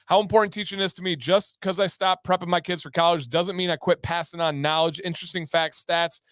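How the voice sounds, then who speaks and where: Upbeat high-voiced man hosting a livestream. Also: brisk, no echo, clean studio sound. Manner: upbeat, excitable, bursts into loud whoops. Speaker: livestream host. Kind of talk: casual livestream chat reading viewer comments.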